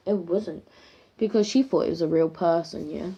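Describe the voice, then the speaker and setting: Rambling female storyteller, slow and mellow. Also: mid-range voice, slightly rough, low-quality recording. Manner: rambling, full of "like" fillers and restarts. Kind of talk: improvised spooky storytelling.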